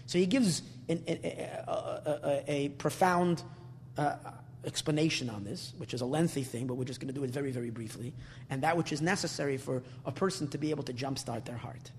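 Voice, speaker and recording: A man gives an earnest Torah class in a slightly high voice, pausing to repeat words as he searches for them. His voice trails off into a long reverb, and a faint hum sits beneath it. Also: a little mellow. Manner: earnest, repeats words while searching, mixes Hebrew terms. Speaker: rabbi teaching Torah.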